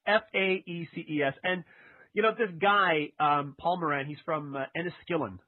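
A man's voice: on the high side, fairly even intonation, normal speed, no room sound. A man co-hosting a casual chat, rambling and laughing, with lots of fillers. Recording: tinny phone-like sound.

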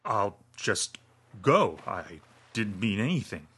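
A man's voice: fairly low pitch, sing-song, very slow, darkish tone, slightly rough, full character voice. A man voicing a terrified man pleading at gunpoint, his voice hitching and stammering.

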